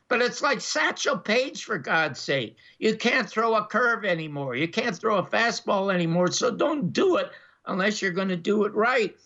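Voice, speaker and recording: An older man from Canada, a former TV critic, telling animated anecdotes in an interview, with frequent restarts and laughs, in a dull lo-fi recording. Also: high-pitched, normal speed. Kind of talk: storytelling interview.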